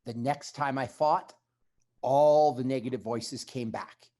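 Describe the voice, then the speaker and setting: A man's voice: mid-range voice, fairly even intonation, unhurried, warm tone. A man telling his story as a podcast guest, in a blunt, emphatic conversational way.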